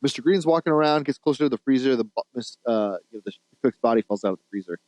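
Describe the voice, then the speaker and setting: Fast and animated, this podcast co-host has a medium-pitched voice with a darkish tone, captured on a dry, low-quality recording. He laughs and rambles through a movie plot, restarting sentences and dropping the odd swear word.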